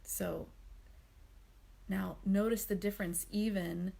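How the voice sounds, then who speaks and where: Gentle woman talking through a mindfulness reading, low voice, kinda husky and gravelly, lots of ums. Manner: gentle, unhurried, with frequent ums. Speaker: host of a daily mindfulness reading series. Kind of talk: reflective spoken commentary on a book reading.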